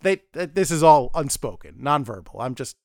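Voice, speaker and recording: A man's voice: mid-range voice, animated, fairly quick, no room sound, studio quality. A man hosting a podcast, casually reviewing a TV episode, rambling, chuckling and acting out the characters' lines. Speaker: podcast host.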